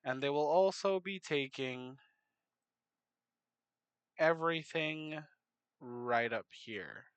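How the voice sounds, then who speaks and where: A man narrating a map game in casual commentary, unhurried, muttering asides to himself. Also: on the high side, clear, resonant tone, no echo.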